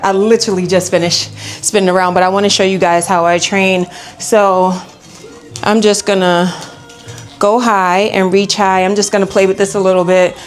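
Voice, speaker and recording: A woman's voice: medium pitch, flat delivery, normal speed, faint music behind. A woman talking casually to camera while she trains, chatty, and at times out of breath from moving. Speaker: vlogger. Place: home pole studio room.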